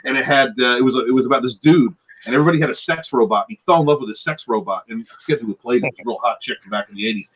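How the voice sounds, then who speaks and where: A man's voice: medium pitch, racing, hardly any pauses, highs cut off, crowd noise. A man in his forties, a guest on a casual live stream, rambling and laughing with many fillers and restarts. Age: 40s.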